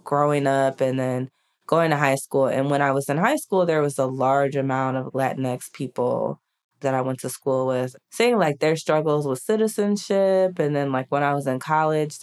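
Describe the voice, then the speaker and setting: Low-voiced woman telling stories. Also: darkish tone, smooth. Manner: chatty, frequent "like" fillers. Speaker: podcast guest. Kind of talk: casual conversational storytelling.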